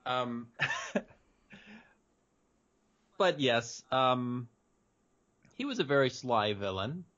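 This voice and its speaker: A man's voice: mid-range voice, sing-song, very slow, a bit bright, dull audio. A young man co-hosting a podcast, talking casually and hesitantly, full of ums and restarts. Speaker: podcast co-host. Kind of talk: casual chat.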